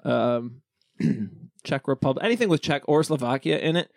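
A man riffs loosely through a podcast chat, joking and restarting his thoughts. His voice is gravelly with a bit of fry. The sound is dry and close. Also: mid-range voice, animated, normal speed, dry recording. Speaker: podcast co-host. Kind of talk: casual banter.

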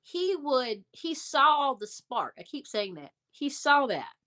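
A woman telling a story in a casual interview, animated and acting out the voices of people she quotes. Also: high voice, slow pace. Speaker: interview guest.

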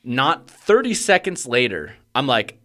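A young man co-hosting a podcast, casually telling a story, swearing freely and getting loud and worked up as he relives a panic. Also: medium pitch, big pitch swings, measured pace. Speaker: podcast co-host.

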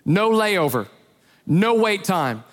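A man who is a pastor, preaching a sermon as an animated storyteller who acts out the voices in his retellings. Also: high-pitched, takes it slowly, big-room sound.

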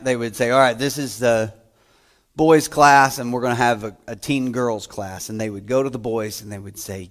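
A man preaching a sermon, telling stories with loud quoted lines and quiet trailing asides. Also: medium pitch. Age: adult, grew up playing school basketball. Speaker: pastor.

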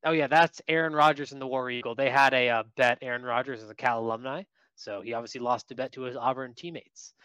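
A man co-hosting a casual sports podcast, telling lively stories about what he saw at a game. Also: medium pitch, fast, clear, resonant tone, no echo. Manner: lively anecdotal storyteller. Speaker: podcast co-host.

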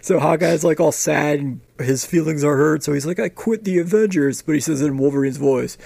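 A sarcastic man chatting on a podcast, swearing freely. His voice sits a little high. It's recorded dry and close, with no room sound. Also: fairly quick, creaky, darkish tone, no echo. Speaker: podcast co-host. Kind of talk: casual chat.

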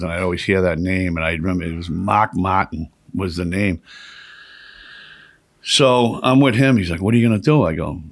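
A man's voice: low voice, no room sound. A man telling a rambling, profane story in casual conversation as a podcast guest.

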